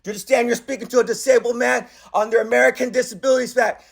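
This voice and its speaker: A man's voice: very high-pitched, fairly even intonation, rapid-fire, vocal fry. A man on speakerphone arguing insistently, repeating himself and talking over the other person. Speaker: caller. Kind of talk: heated phone argument.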